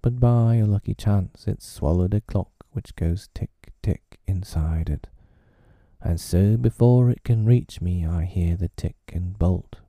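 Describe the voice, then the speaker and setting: Brooding, scheming pirate captain for a storybook, put on by a male reader; gravelly, dark, slow. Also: sits low, no echo, studio quality. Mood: fearful. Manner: slow, brooding, speaks through his teeth. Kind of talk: storybook reading.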